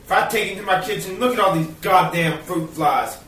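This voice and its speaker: A man ranting to the camera at home in a bitter, profane vlog, now and then bursting into shouts. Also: sits high, brisk, roomy sound, far from the mic, slight background noise. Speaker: vlogger. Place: cluttered home, indoors.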